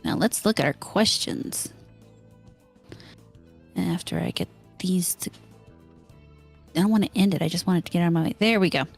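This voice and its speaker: Female podcast co-host, dry and brisk, gravelly fry, faint music. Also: on the low side. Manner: dry, brisk, keeps things moving. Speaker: podcast co-host reading questions. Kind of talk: casual podcast chat.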